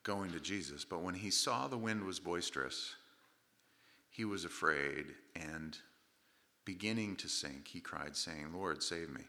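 A male preacher with a low but very bright, ringing voice delivers a sermon in a loose, conversational way. He jokes with his listeners, acts out the voices of the people in his story, and often restarts his sentences as he goes. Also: measured pace. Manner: conversational and humorous, acting out voices, frequent restarts.

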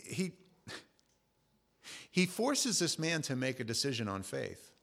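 A man's voice: medium pitch, very animated, takes it slowly, vocal fry, long pauses, fairly bright tone. A man preaching a sermon, earnestly explaining scripture and asking the listeners questions, with restarts and asides.

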